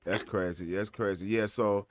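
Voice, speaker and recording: A man co-hosting a casual chat who speaks in a laid-back, agreeable way and often goes quiet. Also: on the low side, fairly even intonation, normal speed, dry recording. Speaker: podcast co-host.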